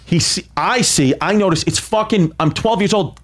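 A man's voice: sits high, normal speed. A man telling a story casually on a podcast, swearing often and laughing as he talks. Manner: profane, laughing through his story.

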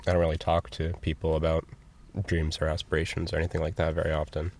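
Very deep gravelly young man. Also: monotone, darkish tone, a little hiss or hum. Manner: halting, earnest, gets emotional. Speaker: interviewee, store cashier. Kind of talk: candid interview talk.

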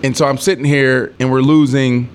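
A man in his thirties tells a sports story in a relaxed interview, his voice sitting at an ordinary middle pitch. He is an animated storyteller who acts out what people said, swears freely and laughs as he goes. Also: moderate pace, slight background noise. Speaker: former NFL wide receiver, guest.

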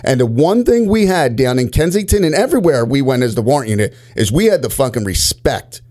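A man's voice: mid-range voice, a little fast. A man, a former police officer, telling profane stories in casual chat. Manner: profane, animated storytelling.

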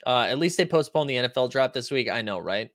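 A man's voice: medium pitch, animated, fast, a bit bright, no room sound, studio quality. A man hosting a casual stream, reading viewer comments aloud in a loose, conversational way, full of likes and ums. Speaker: stream host.

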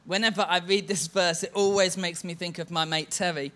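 A man's voice: high voice, fairly even intonation, a little fast, bright, forceful tone. A church leader giving a sermon, telling stories and chanting a mocking refrain to make his point.

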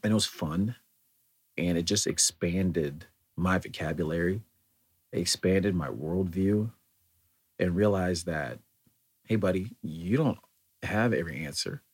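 A man's voice: sits low, a little slow, pauses often, breathy edge. An American man talking in a thoughtful, meandering way, with many fillers and restarts, in a reflective solo monologue. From United States.

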